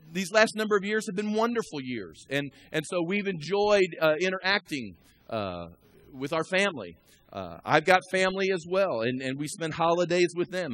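A male pastor giving a live church sermon. He talks conversationally, asks the congregation questions and builds to loud, emphatic preaching. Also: sits high. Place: church sanctuary.

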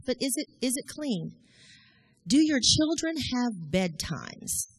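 Husky-voiced woman preaching. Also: medium pitch, dry recording. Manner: folksy storytelling, preachy. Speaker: church speaker. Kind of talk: sermon.

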